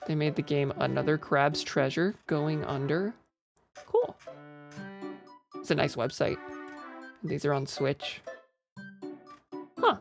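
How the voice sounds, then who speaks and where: Young woman streamer, low voice, chatty and rambly, soft game music behind. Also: lively intonation, slow pace, vocal fry, long pauses. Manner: chatty, rambling, reads chat aloud. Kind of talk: casual live-stream chat while gaming. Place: home room with a vocal booth beside her.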